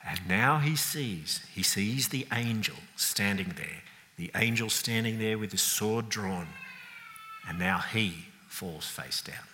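Animated male preacher in a reverberant church. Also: lowish voice. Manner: animated storytelling, acting out scenes with sound effects and mock voices. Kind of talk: sermon. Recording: long reverb of a church hall.

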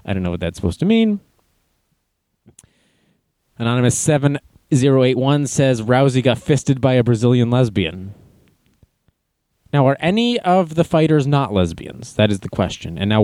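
This livestream host has a warm, medium-pitched voice recorded without any room sound. He reads out the news and messages from chat in a casual way, adding mocking, sarcastic comments.

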